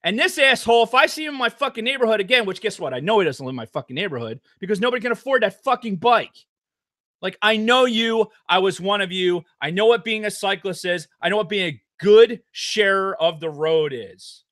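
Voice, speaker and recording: Angry podcast co-host, non-stop profane rant, high and lively delivery. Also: male voice, brisk. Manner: heated, profanity-laden ranting. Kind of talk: casual podcast chat.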